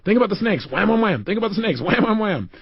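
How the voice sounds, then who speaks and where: A man's voice: sits high, sing-song, fast, vocal fry, husky, no room sound, muffled recording, voice pushed up, heavily acted. Flustered, insistent therapist, repetitive chant, put on by a male storyteller.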